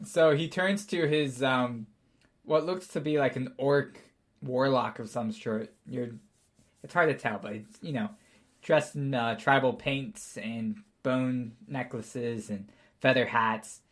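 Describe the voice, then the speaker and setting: A man's voice: medium pitch, slow, a bit bright. A man narrating as game master of a tabletop game, casual and rambling, laughing often.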